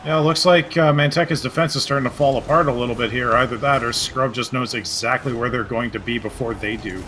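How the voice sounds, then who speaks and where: A man adds colour commentary to a live esports match, breaking down plays calmly and dropping dry jokes. His voice is bright and forward, carried over a headset. A faint hiss sits under it. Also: medium pitch. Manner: measured analysis with dry jokes. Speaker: esports co-caster.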